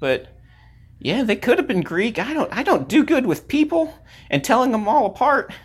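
A man's voice: very high voice, very animated, moderate pace, slightly rough, full character voice. A man voicing a dim-witted, childlike male demon sidekick in an improvised comedy podcast sketch, eager and easily confused.

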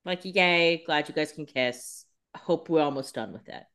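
A woman's voice: deep voice, unhurried, a bit bright. A woman co-hosting a casual podcast who makes jokey asides and laughs often. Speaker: podcast co-host. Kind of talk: casual recap chat.

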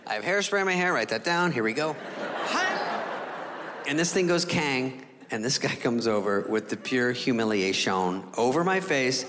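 A man doing stand-up comedy, animated, jumping into other voices and sound effects. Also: mid-range voice, moderate pace, noisy background. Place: comedy stage before an audience. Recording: live in a hall with crowd laughter.

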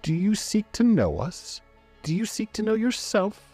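A man's voice: high-pitched, sing-song, measured pace, dark tone, slightly rough, faint music behind, pitched above the performer's own voice, heavily acted. A man voicing the strong, ringing, mocking voice of a haunted underground vault in a storybook reading. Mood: sneering, beckoning. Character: booming sinister voice of a haunted vault.

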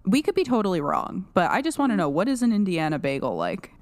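A woman's voice: medium pitch, sing-song, quick pace, a little mellow, no room sound, clean studio sound. A woman with a New Jersey accent co-hosting a casual podcast, chatting and laughing as she quotes lines from the show. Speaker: podcast co-host. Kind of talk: casual chat.

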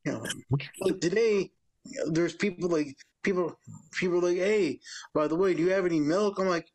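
A man with a notably high voice, a guest on a casual podcast. He rambles through anecdotes, constantly quoting what he and others said. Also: normal speed, darkish tone. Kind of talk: casual storytelling.

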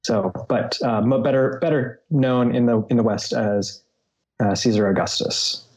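A man's voice: medium pitch, a little slow, darkish tone, breathy edge. A man hosting a trivia podcast, reading quiz questions with playful jokey asides. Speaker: quiz host.

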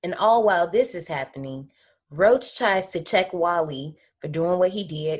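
Podcast host, woman, deep for her sex, loose and slangy, playful recap banter. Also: normal speed, breathy edge. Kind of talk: casual movie recap chat.

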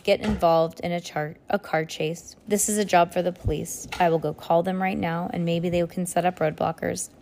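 A woman's voice: fairly low pitch, fairly even intonation, moderate pace, creaky, hardly any pauses, a little mellow, a little hiss or hum. A woman voicing Mr. Poe, a stiff, fussy grown man who speaks sternly and properly.

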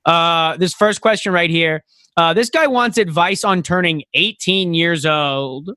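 A man's voice: a little high, measured pace, pushed and bright, dry recording. A young man co-hosting a casual comedy podcast, reading listener questions, laughing often and joking crudely.

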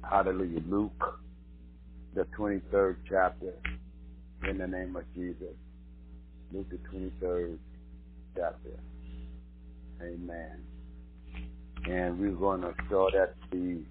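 A man hosting a radio sermon and prayer, fervent and repetitive, rising to shouts. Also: low-pitched, a little hiss or hum. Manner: fervent, repeats hallelujah, rises to shouts. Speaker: host and preacher. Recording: tinny phone-line broadcast.

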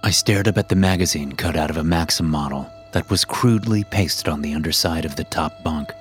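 A man narrating a first-person story in a measured, dramatic way. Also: very deep voice. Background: background music.

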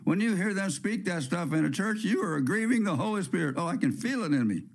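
A man's voice: high-pitched, lively intonation, fairly quick, vocal fry. A man hosting a podcast, preaching in a fervent, emphatic monologue with repeated phrases and joking asides. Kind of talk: impassioned sermon-style monologue.

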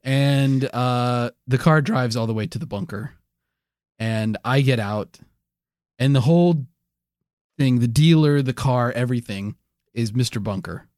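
A man spinning a long, absurd tale as a comedy podcast co-host, deadpan and rambling, stopping for "uh" and "like" as he goes. His voice sits in an ordinary middle pitch. It is recorded close and dry, with no room sound. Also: measured pace, no echo. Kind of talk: casual storytelling.

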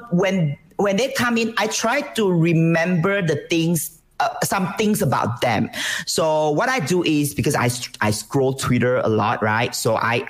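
A woman from Malaysia with a Malaysian accent, a streamer chatting casually in an interview, animated and full of restarts. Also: low voice. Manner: animated, lively delivery with frequent restarts. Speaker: Twitch streamer, guest.

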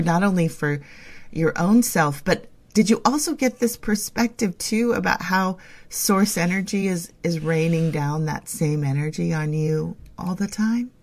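A woman co-hosting a spiritual podcast, talking in a gentle, flowing, reassuring way. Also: lowish voice. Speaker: podcast co-host. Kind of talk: casual spiritual chat.

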